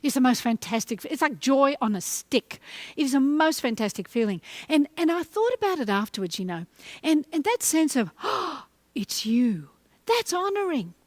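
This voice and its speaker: Animated woman with lively pitch. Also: moderate pace, no echo. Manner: animated, acts out little voices. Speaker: motivational speaker. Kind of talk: talk to camera.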